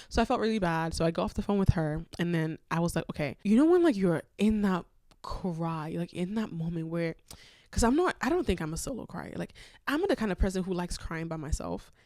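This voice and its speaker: A woman hosts a solo podcast with a fairly low voice, sharing personal stories in a candid, expressive way. She swings from loud, excited bursts to hushed asides. The sound is dry and close, with no room echo. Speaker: podcast host.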